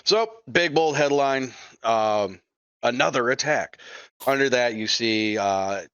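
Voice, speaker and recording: A man narrating as game master in a tabletop game, with a bright, forceful voice. He rambles loosely and swears freely. The recording is dry and a bit dull. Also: mid-range voice, expressive, slow, clear, resonant tone, no echo.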